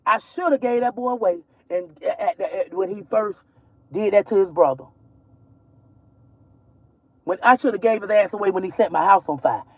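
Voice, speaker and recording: A woman's voice: mid-range voice, normal speed, pauses often, darkish tone, no room sound. A woman from Georgia, ranting bluntly and profanely about her son in a casual vlog recorded while driving. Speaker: mother vlogger.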